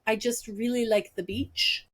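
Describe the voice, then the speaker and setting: A woman's voice: fairly high pitch, measured pace. A young adult woman co-hosting a podcast, chatting casually and acting out the dialogue in her stories. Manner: lively, acts out quoted dialogue. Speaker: podcast co-host. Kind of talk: casual chat, animated storytelling.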